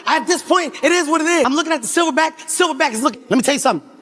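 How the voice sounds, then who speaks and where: On a live comedy stage in front of a crowd, a male stand-up comedian in his 40s tells stories in a high-pitched voice at a very fast clip. He's animated and profane, frequently shouting and laughing.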